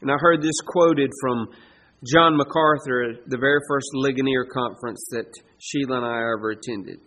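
A middle-aged man preaching a sermon as pastor, emphatic, repeating key phrases and slowing down to stress commands. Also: medium pitch, a bit bright.

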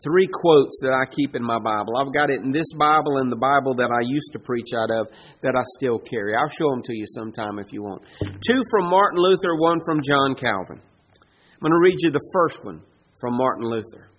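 A middle-aged man preaching a sermon as pastor, emphatic, repeating key phrases and slowing down to stress commands. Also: mid-range voice, lively intonation, a bit bright, slight background noise.

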